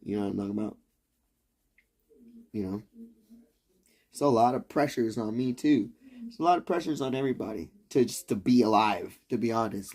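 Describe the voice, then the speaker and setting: A livestreamer rants casually, rambling, swearing, and laughing often. His voice is mid-range and a little mellow, delivered at a normal speed.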